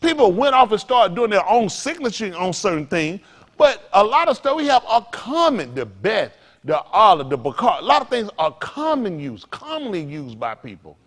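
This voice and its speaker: Man, pastor, informal sermon, slangy, lively swooping pitch. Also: moderate pace. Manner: animated, slangy, laughs through a funny story. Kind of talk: informal sermon teaching with storytelling.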